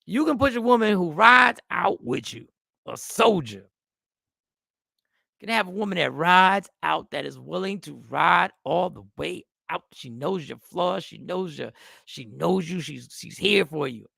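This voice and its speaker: A man's voice: sits high, lively intonation, a little slow, creaky, pushed and bright, no echo, clean studio sound. A man hosting a talk show, giving emphatic casual commentary straight to his viewers.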